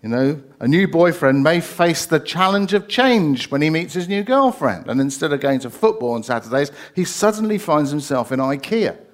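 A man preaching with a somewhat high voice. He keeps it conversational, with fillers and rhetorical questions. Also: lively intonation, normal speed, few pauses. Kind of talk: sermon.

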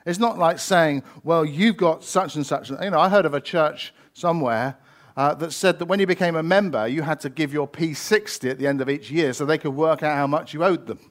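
A man preaching with a somewhat high voice. He keeps it conversational, with fillers and rhetorical questions. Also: fairly quick. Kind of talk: sermon.

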